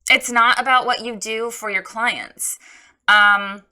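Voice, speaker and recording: A woman's voice: on the high side, steady tone, slow, bright, forceful tone. A woman coaching a photographer on her website in a casual spoken critique, frank and direct.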